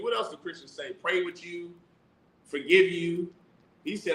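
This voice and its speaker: A man's voice: sits high, moderate pace, sharp tone, echoey room, slight background noise, rough recording. A man teaching scripture in a sermon style, preaching emphatically with rhetorical questions and reading verses aloud. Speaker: teacher of a religious class.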